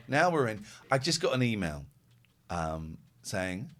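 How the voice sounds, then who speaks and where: A man's voice: on the low side, unhurried. A man hosting a live radio phone-in, chatting casually and telling rambling stories. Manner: animated, rambling storyteller. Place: radio studio streamed live.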